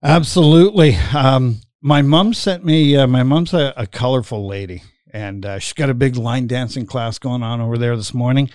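A middle-aged man chats casually as a host, wandering through his stories with plenty of fillers and easy laughs. His voice sits at an ordinary middle pitch, recorded close and dry with no room sound. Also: normal speed, few pauses, darkish tone, dry recording. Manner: rambling, filler-heavy, laughs while telling stories. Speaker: podcast host. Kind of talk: casual chat.

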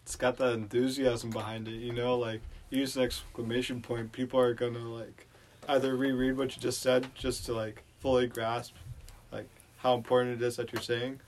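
A man's voice: medium pitch, flat delivery, moderate pace, a little hiss or hum. A man taking part in a casual group discussion, answering in a loose, rambling way with many fillers. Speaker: discussion participant.

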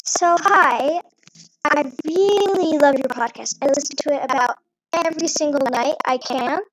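High-voiced enthusiastic woman fan. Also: moderate pace, dry recording, low-quality recording. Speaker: listener leaving a voice message. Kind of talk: recorded voice message.

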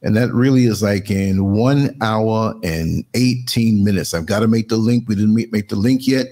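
A man's voice: lowish voice, moderate pace, dark tone. A man in his sixties hosting a live-streamed talk show under studio lights, talking in an emphatic, motivational way. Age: 60s. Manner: emphatic, motivational, fights in boxing terms.

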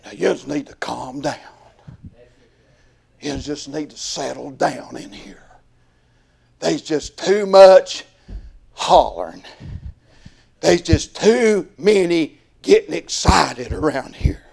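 A man voicing a stern old-fashioned religious man who hushes and scolds a crowd, in a low, quiet, disapproving tone. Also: animated, slow pace, gravelly, slightly rough, heavily acted. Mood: scolding.

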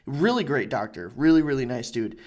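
In casual conversation, a man rambles through a story with plenty of fillers and swearing. His voice sits at an ordinary middle pitch, and he's very animated and fairly quick.

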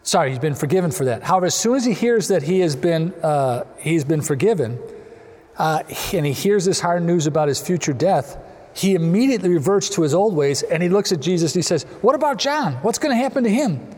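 Earnest male preacher, slightly high voice, long cathedral echo. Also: expressive, fairly quick. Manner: earnest, gently voicing quoted figures. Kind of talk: sermon. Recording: long reverb of a large hall.

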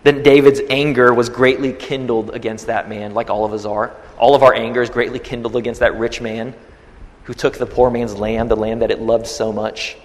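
A male pastor preaching a sermon, retelling a scripture story with swings between quiet and loud. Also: medium pitch, level tone, normal speed, in a large hall.

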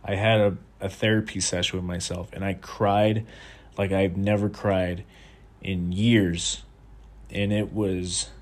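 A man speaking in a candid personal monologue about his own experience. He is reflective and confessional, restarts his sentences often, and swears casually. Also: lowish voice. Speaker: vlogger.

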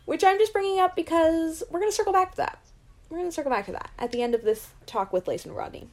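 A woman co-hosting a podcast in casual chat, animated and quick to laugh. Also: very high-pitched. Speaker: podcast co-host recapping a reality show.

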